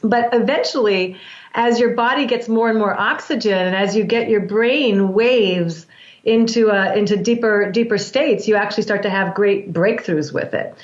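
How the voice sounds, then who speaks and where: A woman who works as a breathwork practitioner, explaining in a calm, measured way with frequent restarts. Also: mid-range voice, reverberant, highs cut off. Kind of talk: explanatory interview talk.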